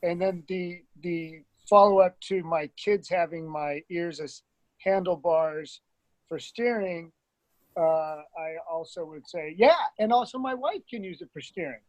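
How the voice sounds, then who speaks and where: A man's voice: a little high, a little slow, no echo, rough recording. A man taking part in a comedy coaching session, talking easily and agreeably with hesitant fillers. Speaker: comedy student. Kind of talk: casual talk in a coaching session.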